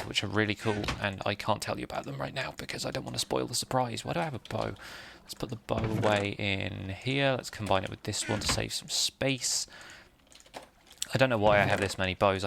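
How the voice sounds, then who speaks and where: A man's voice: on the low side, gravelly, background noise. A man hosts a casual Minecraft let's play, chatting in a self-deprecating way and laughing often. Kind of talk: casual gameplay commentary.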